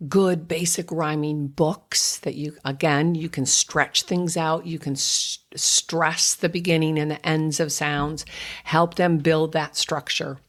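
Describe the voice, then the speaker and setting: An older woman, a speech therapist hosting a podcast, patiently explaining to parents how to help toddlers speak clearly. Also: deep voice. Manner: patient, explanatory, slips into exaggerated child-directed speech when modeling. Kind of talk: instructive podcast talk to parents.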